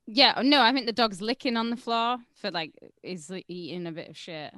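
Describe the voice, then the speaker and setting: A woman's voice: medium pitch, moderate pace, fairly bright tone, dry recording, clean studio sound. A woman co-hosting a crude comedy podcast, teasing and bawdy, laughing often. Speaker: podcast co-host.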